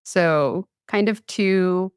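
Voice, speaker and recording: Young American woman, casual podcast storyteller, smooth voice, dry close sound. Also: on the low side, extremely slow, no room sound. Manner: chatty, laughs often, lots of "like". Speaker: podcast host telling a science history story.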